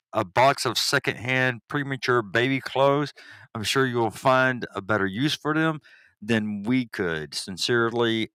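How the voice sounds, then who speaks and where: Male podcast co-host; slow, smooth delivery with brief reactions. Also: mid-range voice, bright, forceful tone, no room sound. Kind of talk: casual chat.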